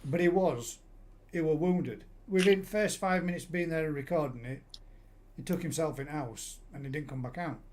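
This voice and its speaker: A man in middle age hosts a casual live stream chat. He rambles through stories with frequent restarts, his voice pitched slightly high for a man. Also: moderate pace, darkish tone, slight background noise. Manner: chatty, rambling storyteller with many restarts. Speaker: host. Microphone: live stream call.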